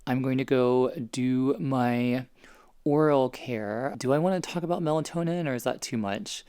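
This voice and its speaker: A man's voice: mid-range voice, moderate pace, dark tone, clean tone. A man vlogging at home in a casual, rambling way, explaining skincare and anti-aging science. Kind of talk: casual vlog chat. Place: home, indoors.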